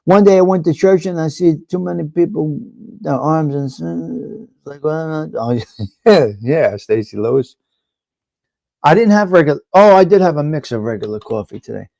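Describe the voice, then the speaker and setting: A man's voice: a little high, moderate pace, creaky, dark tone, dry recording. A man hosting a live stream, ranting bluntly and profanely to his viewers and repeating himself. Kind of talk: casual ranting chat with viewers.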